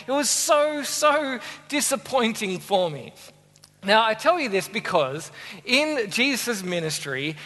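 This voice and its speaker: An Australian man preaching a sermon, telling a story with lively acted-out voices. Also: high-pitched. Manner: animated storyteller, acts out voices. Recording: long hall reverb.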